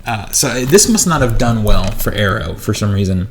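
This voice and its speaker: A man's voice: fairly low pitch, lively intonation, normal speed, slight background noise. A man who collects movies, chatting casually and rambling in a haul vlog while he unboxes discs in a small home studio.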